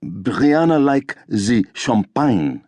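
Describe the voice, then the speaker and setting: A man's voice: sits low, wildly swooping pitch, slow pace, slightly rough, dry recording, full character voice. A man voicing a snooty young male waiter who talks with a faux accent in a haughty, affected way. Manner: haughty, affected, nose in the air.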